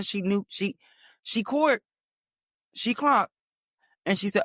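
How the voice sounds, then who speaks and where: High voice guy, ranting dramatic story, lots of cussing, dead dry sound. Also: slow, pauses often, no room sound. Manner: animated, profane, dramatic storytelling. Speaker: podcast host. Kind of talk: storytelling monologue.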